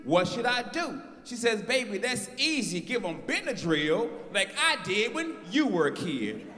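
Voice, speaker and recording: A man from North Carolina doing a stand-up comedy set, telling stories loudly and teasing the crowd. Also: high-pitched, measured pace. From North Carolina, USA. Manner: loud, animated storytelling, talking to the crowd. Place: stage of a live comedy show. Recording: echoey venue with long reverb.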